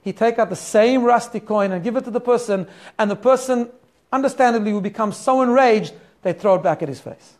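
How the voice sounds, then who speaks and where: A man voicing a revered old rabbi who explains things calmly and patiently in a quiet voice. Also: very high voice, a little fast. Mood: calm, explaining. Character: revered old male rabbi, calm and wise.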